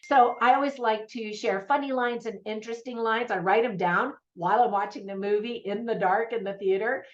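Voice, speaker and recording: A woman's voice: a little high, fairly quick, few pauses. A woman giving a casual, enthusiastic spoken film review as host, laughing often. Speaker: movie reviewer. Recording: slightly dull lo-fi sound.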